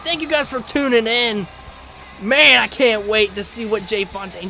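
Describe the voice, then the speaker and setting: Very high-voiced excited wrestling commentator man. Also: moderate pace, creaky, faint music behind. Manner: energetic, often shouting.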